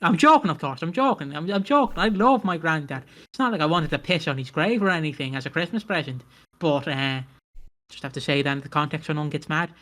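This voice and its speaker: A young man co-hosting a podcast in casual chat, swearing freely and making dark jokes. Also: a little high, lively intonation, quick pace. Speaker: podcast co-host.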